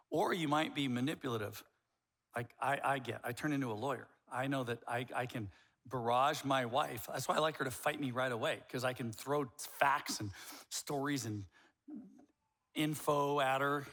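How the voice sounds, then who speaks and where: An older man preaching a sermon as pastor, telling stories with lively, acted-out dialogue that rises to near shouts. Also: mid-range voice. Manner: animated storytelling, acts out dialogue, rising to near shouts. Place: church sanctuary.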